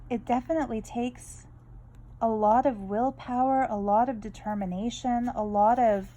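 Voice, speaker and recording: A woman's voice: fairly high pitch, steady tone, moderate pace, dark tone, rough recording. A woman vlogging about her art, chatting in a rambling, candid way full of tangents while she draws. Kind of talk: casual draw-along chat.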